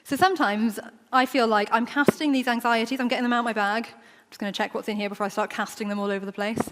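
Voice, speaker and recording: A woman's voice: a little high, fairly even intonation, fast talker, fairly bright tone. Woman preaching in a reverberant church. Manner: conversational, acts out quoted voices. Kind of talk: sermon.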